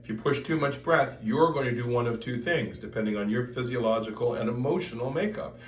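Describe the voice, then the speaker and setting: A man's voice: medium pitch, brisk. Man teaching voice technique in a roomy space. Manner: explains step by step, breaks into sung and croaked demonstration sounds. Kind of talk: vocal technique lesson with demonstrations. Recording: roomy sound, mic at a distance, faint background noise.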